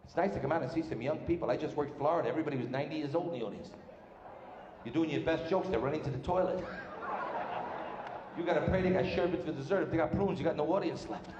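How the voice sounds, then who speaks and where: In a fairly high voice, a male comedian rapidly fires brash jokes on stage to a live audience, slipping into character voices. The recording is muffled and noisy, with echoey live club reverb.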